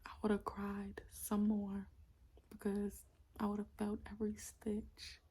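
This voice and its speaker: A young woman vlogger at home, casually telling a personal story in a soft, often half-whispered voice full of "like". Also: fairly high pitch, slightly rough. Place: at home with her small children.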